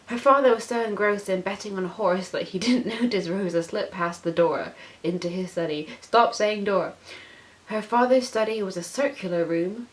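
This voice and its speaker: A woman's voice: mid-range voice, normal speed. A young woman reading her own childhood story aloud, breaking off with laughing, self-mocking asides. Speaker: channel host reading her childhood writing.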